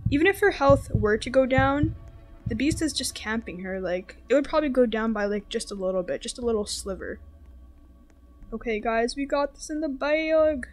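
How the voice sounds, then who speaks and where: A woman giving casual, very talkative gameplay commentary, turning excitable and repeating words when the game gets tense. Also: fairly high pitch, moderate pace. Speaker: gaming video host. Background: game background music.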